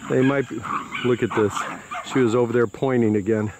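A man's voice: medium pitch, fairly even intonation, brisk. A man who breeds dogs narrates casually while filming outdoors with a handheld camera, proudly commenting on the animals. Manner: proud, fond commentary on the puppies. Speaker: dog breeder. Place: outdoors in a yard by a quail coop. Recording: outdoor noise with crickets and insects.

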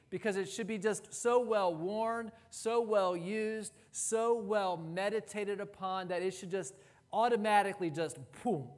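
A man preaching a sermon as pastor, emphatic, with pauses and repeated phrases, recorded in a church sanctuary. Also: sits high, big-room sound.

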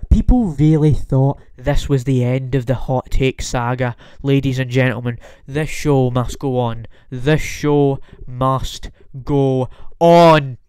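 A man's voice: on the high side, clear, resonant tone, no echo, clean studio sound. A young man hosting a comedy podcast, ranting in an exaggerated, theatrical way and repeating lines for effect. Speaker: podcast host. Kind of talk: comedic rant.

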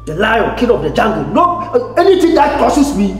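A domineering Ghanaian father in a comedy film, preaching proverbs and Bible lessons in a high, swooping voice. His stern lectures ring through an echoey, hall-like room over faint music. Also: big pitch swings, a little fast. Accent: Ghanaian English. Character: strict boastful father, middle-aged man.

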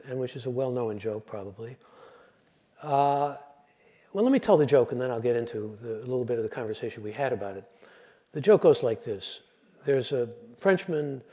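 A man's voice: medium pitch, mellow. A man, a radio host, giving a lecture that moves from joke to joke in a conversational, digressive way. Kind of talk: storytelling lecture with jokes.

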